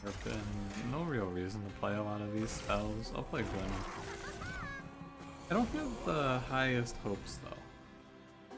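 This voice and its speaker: Animated man commenting over game music. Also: on the low side, slow pace, gravelly, long pauses. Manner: chatty, jokey, exasperated outbursts. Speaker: gaming streamer. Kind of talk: casual gameplay commentary.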